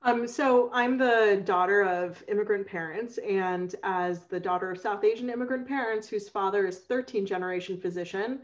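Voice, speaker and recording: A woman, an author and former lawyer, talking in lively quick bursts on a panel. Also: medium pitch, dull audio. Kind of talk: casual panel chat on a video call.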